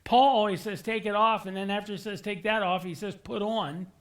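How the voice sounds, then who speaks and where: A man delivers a sermon in a church with a fairly high voice. He is earnest and conversational, leaning on repetition to stress his points and slipping in casual asides and fillers as he talks to the congregation. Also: fairly even intonation, fairly quick. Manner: earnest, repeats key words for emphasis. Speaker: pastor. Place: church sanctuary.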